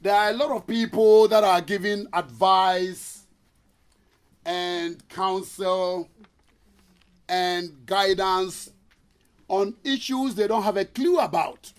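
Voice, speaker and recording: A man's voice: high-pitched, fairly even intonation, slow, long pauses. A man giving a motivational seminar talk, telling stories and asking the audience rhetorical questions. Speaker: motivational speaker.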